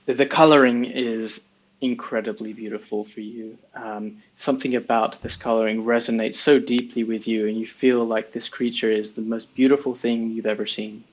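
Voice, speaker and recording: A man narrating a tabletop fantasy game as game master, describing scenes in a measured way with pauses. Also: fairly low pitch, level tone, dull audio.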